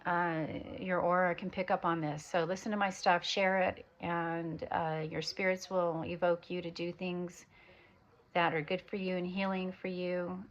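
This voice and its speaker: An American woman with a low, gravelly voice talks to her viewers in a loose, wandering spiritual monologue, filling gaps with ums and uhs. The recording sounds dull and lo-fi. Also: flat delivery, unhurried. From United States. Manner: meandering, drifting between topics with many fillers. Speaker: spiritual vlogger.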